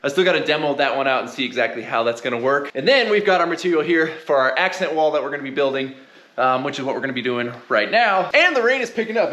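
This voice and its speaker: A man from California talks his viewers through a guest house renovation at a brisk clip. His delivery is upbeat, loose and rambling, full of casual fillers. He sounds like a handyman vlogger filming on site with a camera mic. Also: on the high side, a bit bright. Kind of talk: casual DIY vlog talk. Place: construction site indoors and outdoors.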